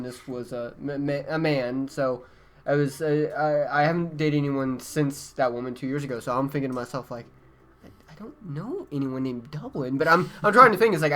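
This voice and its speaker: A man with a bright, lively voice on a casual podcast. His pitch swings widely as he stumbles through an animated story and cuts in with quick asides. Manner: animated, self-interrupting storyteller. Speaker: podcast co-host. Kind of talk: casual chat.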